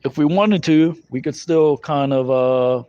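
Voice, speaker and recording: A man's voice: on the high side, measured pace, dark tone, clear, resonant tone. A man teaching scripture in a loose, conversational way, full of fillers and tag questions. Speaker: Bible teacher. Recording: dull lo-fi recording.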